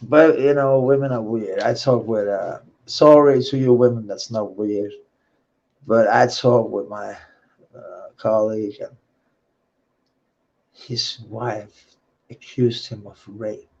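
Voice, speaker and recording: A man rambles in a slow, unhurried monologue, cursing freely and laughing between thoughts. His voice has a rough, gravelly grain. The recording sounds dull and lo-fi. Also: lowish voice, fairly even intonation, darkish tone. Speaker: vlogger.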